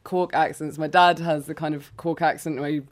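A woman's voice: deep voice, fairly even intonation, fairly quick. A woman from England with Irish parents, a writer and performer answering questions in a radio studio, self-deprecating and giggly, with many fillers. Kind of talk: radio interview.

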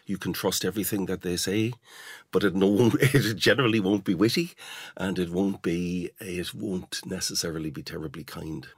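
An Irish man with a softened, generic Irish accent, a poet giving wry, reflective answers in an interview. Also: low-pitched, normal speed, husky, dry recording, studio quality. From Ireland. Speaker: poet guest.

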